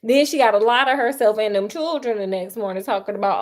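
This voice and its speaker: A woman's voice: medium pitch, fast. A woman retelling a story in a sassy, chatty way, calling her listeners honey and child, with frequent laughs. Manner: laughs often.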